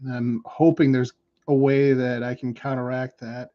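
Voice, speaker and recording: A man's voice: mid-range voice, flat delivery, measured pace, highs cut off. An American man chatting casually and self-deprecatingly while painting miniatures on a livestream.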